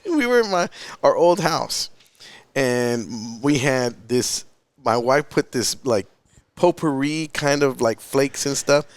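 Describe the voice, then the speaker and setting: A man co-hosting a podcast, telling stories in an excitable way and laughing as he talks. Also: mid-range voice, slow, dry recording. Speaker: podcast co-host. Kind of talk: casual chat.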